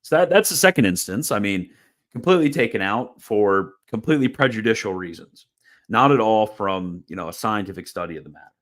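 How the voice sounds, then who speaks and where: A man's voice: lowish voice, expressive, fairly quick, a bit bright. A man hosting a casual explanatory video lecture, chatty and informal, often repeating words and restarting phrases, with a wry, mildly sarcastic edge. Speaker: host of a theology video channel.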